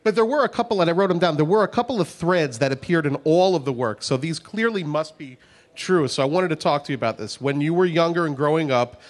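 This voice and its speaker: Male interviewer, halting, hesitant questions, slightly high voice. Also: animated.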